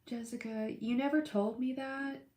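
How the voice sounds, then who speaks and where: A woman's voice: on the high side, steady tone, moderate pace, a little mellow, roomy sound. A young woman chatting with viewers on a live tarot stream, gushing and emotional, calling people by name. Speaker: livestream tarot reader.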